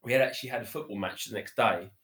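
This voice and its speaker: Telling his story in a casual, rambling way, this podcast guest is chatty and repeats himself, full of fillers like "you know" and "literally." His voice is fairly low with a fairly bright tone, and he speaks quickly. The room adds an echo.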